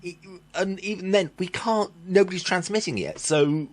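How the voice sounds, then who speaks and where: A man ranting in a tech vlog, blunt and exasperated, swearing casually and correcting himself as he goes. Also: high voice. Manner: halting with fillers and self-corrections. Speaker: vlogger.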